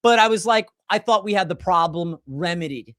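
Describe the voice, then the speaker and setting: A man in his forties hosting a casual podcast chat, telling animated, rambling stories full of restarts. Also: high voice, moderate pace, no room sound, clean studio sound. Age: 40s. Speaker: podcast host.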